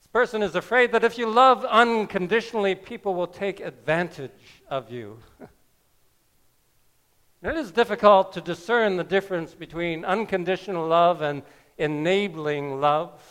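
A man preaching a sermon, telling a scripture story slowly with wry asides. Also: high voice, a bit bright, smooth. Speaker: pastor.

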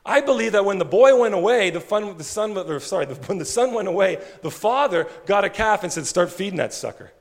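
Male preacher, animated storyteller, high gravelly voice. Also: fairly quick, hardly any pauses, big-room sound. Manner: animated storytelling, drops low for emphasis. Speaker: pastor. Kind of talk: sermon.

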